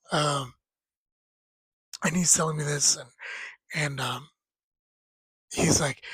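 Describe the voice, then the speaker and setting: Here the storyteller, a man in his thirties, talks at a measured pace with long pauses in a husky, fairly high voice. His casual, rambling memory of a late friend mixes laughter with moments of tears and animated quotes of the friend, captured on a low-quality recording without echo.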